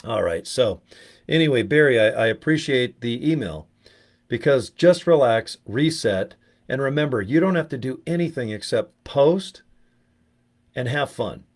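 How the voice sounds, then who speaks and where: A middle-aged man chatting casually to camera as a network marketing vlogger, rambling, swearing freely and jumping into animated stories. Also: mid-range voice, measured pace. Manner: profane, rambling, animated storytelling. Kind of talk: casual talking-head chat.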